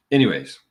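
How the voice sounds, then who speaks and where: Hosting a live podcast stream, a man chats casually and in a scattered way with his viewers, a little out of breath and poking fun at himself.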